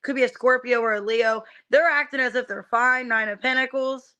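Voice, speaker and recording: A woman's voice: a little high, steady tone, moderate pace, pushed and bright, muffled recording. A young adult woman reading tarot on a live stream, chatting casually with many fillers and greeting viewers by name.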